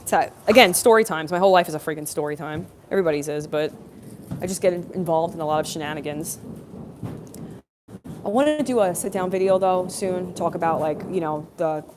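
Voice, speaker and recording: A young woman with a fairly low voice tells a story into her phone on a work site. She rambles, with plenty of fillers and self-corrections. Faint site noise hums behind her. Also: brisk. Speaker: plumbing apprentice vlogger. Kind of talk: casual live-stream storytelling.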